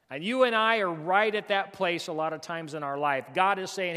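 Guy preaching in a church, high voice, echoey hall, folksy and pushy. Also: normal speed, fairly bright tone. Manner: folksy, emphatic preaching with repetitions. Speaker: pastor. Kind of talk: sermon.

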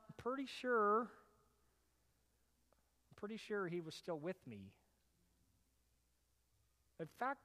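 A male pastor with a fairly high voice delivers a sermon in a large reverberant hall. His storytelling is animated, and it swells into loud, emphatic bursts before settling back down.

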